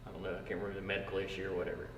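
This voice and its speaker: A man, a firefighter, recalling a colleague in a soft, reflective way. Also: deep voice, little pitch movement, racing, creaky, slight background noise. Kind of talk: casual storytelling. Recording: echoey hall, voice from far off.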